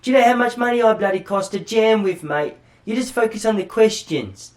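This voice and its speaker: A man's voice: high voice, brisk, voice pushed up, natural voice. A man impersonating an aging British rock star who brusquely waves off a request. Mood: dismissive.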